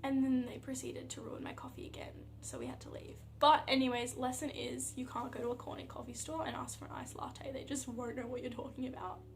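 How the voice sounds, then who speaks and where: High-voiced chatty Australian woman. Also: a little fast, vocal fry, hardly any pauses, a little hiss or hum. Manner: chatty, animated storytelling with many fillers. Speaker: athlete vlogger. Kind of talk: casual talk to camera.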